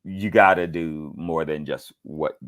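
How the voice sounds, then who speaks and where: A middle-aged man from the American South, a voice actor telling animated stories in a casual interview. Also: unhurried. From Southern United States, Georgia. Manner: animated storyteller, leaps up high when quoting people. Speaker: voice actor guest.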